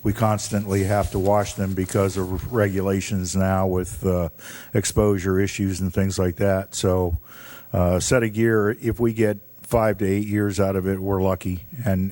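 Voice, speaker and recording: A fire chief fields questions at a public meeting. He is a man with a low voice and a warm, mellow tone. His delivery stays flat and even as he explains things step by step, with plenty of ums. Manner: measured, explanatory, with frequent ums.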